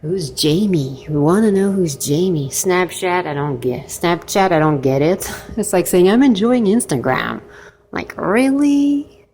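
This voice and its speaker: A woman's voice: deep voice, unhurried, hardly any pauses, darkish tone, slight background noise. A woman vlogging from a hostel in a chatty, rambling way with laughing asides, while she is sick. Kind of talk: casual vlog chat. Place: hostel kitchen and common room.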